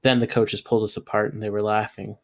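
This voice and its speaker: A man, a teacher, reading a novel aloud and bringing the dialogue to life with sudden jumps in pitch and loudness. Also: fast, creaky. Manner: lively, voices characters with jumps in pitch and loudness. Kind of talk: read-aloud storytelling.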